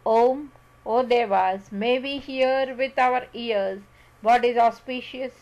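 A woman reading scripture aloud, measured and deliberate, pausing over long lists of sacred syllables. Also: on the high side, a little mellow, muffled recording. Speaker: scripture reader. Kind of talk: slow scripted recitation of scripture.

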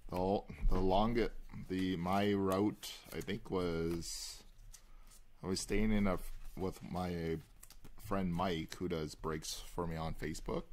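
A man hosting a live card break, calling out pulls and chatting with viewers in a relaxed, rambling way. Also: low-pitched, a little hiss or hum. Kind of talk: casual live-stream chat while opening cards.

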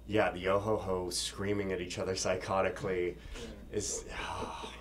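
A man being interviewed as a voice actor, talking fast and excitedly, laughing often and acting out quotes. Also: low-pitched, slight background noise. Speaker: voice actor guest. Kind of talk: casual interview chat. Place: convention room.

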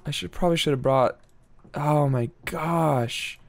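A man's voice: a little high, takes it slowly, gravelly. A man giving casual, slangy game commentary, talking to himself and getting easily frustrated as he plays. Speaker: gameplay commentator.

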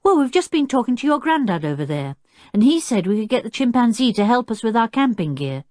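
A woman's voice: on the high side, sing-song, brisk, a little mellow, no echo, clean studio sound, voice pushed up. A woman voicing a sensible older schoolboy who leads the group, speaking politely and steadily.

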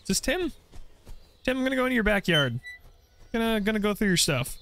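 Bright-voiced young man, gaming commentary, goofy and animated. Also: high voice, a little fast. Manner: playful, joking, frequent laughs. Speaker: gaming video creator. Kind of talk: playthrough commentary.

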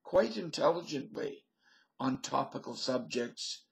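A man's voice: mid-range voice, lively intonation, a little slow, gravelly, low-quality recording. An older man rambling through a stream-of-consciousness comedy monologue into a webcam at home, laughing at his own jokes. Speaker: vlogger.

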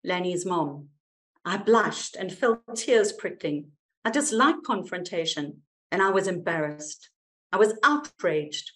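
A distraught mother searching for her lost son, her voice raw with hurt and bitter anger, as a woman acts her out. Her pitch rises and falls in a lively way. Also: slow. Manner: pleading, then raw and furious. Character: distraught mother of a missing boy, raw and angry.

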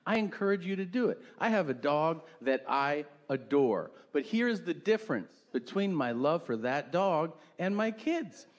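Animated comedian with a lively voice. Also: male voice, on the high side, measured pace, few pauses. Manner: profane storytelling that acts out others in shifted voices. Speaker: stand-up comedian. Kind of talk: stand-up comedy routine. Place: comedy stage before a live audience.

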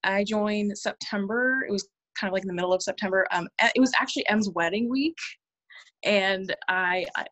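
A woman on a video call sharing her personal story, nervous and halting, with frequent laughs and restarts. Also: mid-range voice, fairly bright tone.

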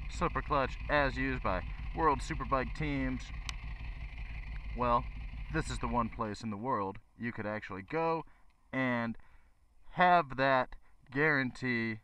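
Chatty, lively man reviewing a motorbike. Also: medium pitch, a little hiss or hum. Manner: enthusiastic, chatty, talks straight to viewers. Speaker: motorcycle shop owner and reviewer. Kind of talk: casual bike review vlog.

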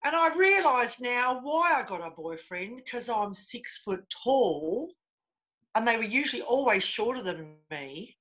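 A woman's voice: on the high side, very animated, measured pace, a bit bright, low-quality recording. A woman doing a brash, bawdy stand-up comedy set over a video call.

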